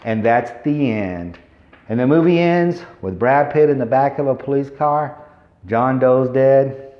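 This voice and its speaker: A man's voice: medium pitch, unhurried. Rambling man recapping a movie. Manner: rambling, chatty storytelling. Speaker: vlogger. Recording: roomy, dull lo-fi recording.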